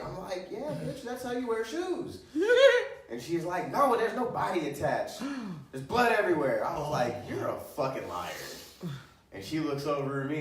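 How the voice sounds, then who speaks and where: A man telling crude stories as a stand-up comic, laughing often as he talks. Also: on the high side. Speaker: stand-up comedian. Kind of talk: stand-up storytelling. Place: comedy show room. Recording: roomy echo, distant mic.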